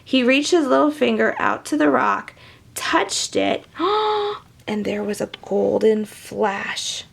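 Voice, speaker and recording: A woman reading a children's picture book aloud, with animated, chatty asides to young listeners. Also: medium pitch, a little slow, gravelly. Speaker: storybook reader.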